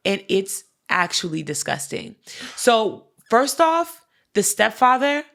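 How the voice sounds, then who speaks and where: Woman co-host, casual chat; animated storyteller, slangy and profane, filler-heavy, mid-pitched. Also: slow, gravelly. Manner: fillers "like" and "literally". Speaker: podcast co-host.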